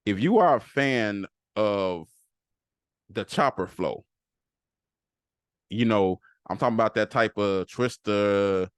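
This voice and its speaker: A man, low in pitch, riffs casually on a podcast. He talks loosely and keeps repeating phrases for emphasis. The sound is dry and close to the mic. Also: expressive, slow pace, long pauses, clear, resonant tone, dry recording. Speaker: podcast host. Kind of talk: casual solo podcast talk.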